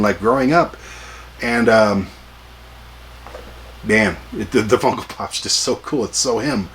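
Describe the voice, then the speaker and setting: A man in his forties rambles casually through his collecting vlog, cracking jokes and making fun of himself along the way. His voice is fairly low and fairly bright, with a touch of background noise.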